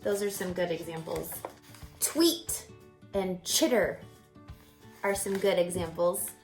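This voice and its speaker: A woman teacher reading a picture book aloud in an expressive, playful way, then explaining it to children. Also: fairly low pitch, slow pace, soft background music. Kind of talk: read-aloud storytelling and lesson.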